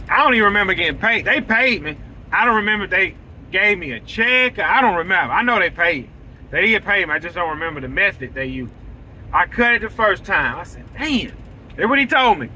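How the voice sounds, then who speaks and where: A man telling an excitable, repetitive story to viewers from his vehicle. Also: high-pitched, slight background noise, low-quality recording. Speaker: lawn care business owner. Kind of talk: casual storytelling vlog. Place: vehicle, driving outdoors.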